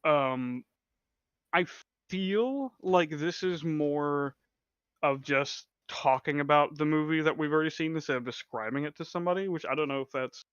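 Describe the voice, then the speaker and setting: A man's voice: fairly high pitch, moderate pace, a bit bright, clear, resonant tone, no echo. A man co-hosting a casual movie chat, swearing freely and laughing often. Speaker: podcast co-host. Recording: dull, lo-fi and dry.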